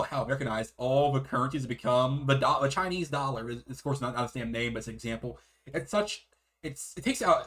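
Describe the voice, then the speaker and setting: A man co-hosting a casual art history chat, reading aloud with restarts and swearing. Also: medium pitch. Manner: animated, swears, trails off mid-sentence.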